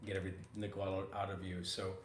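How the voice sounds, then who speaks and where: A man hosting a casual art podcast in an art supply store, slightly hoarse from getting over losing his voice, talking in an easygoing, rambling way. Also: sits low, monotone, quick pace. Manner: easygoing, rambling, many fillers. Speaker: podcast host. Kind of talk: casual chat. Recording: roomy store with faint ambient noise.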